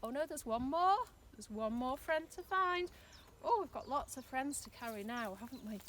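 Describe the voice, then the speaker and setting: A woman presenting a play activity for small children, talking in a slow, exaggerated sing-song. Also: sits high, animated, a bit bright.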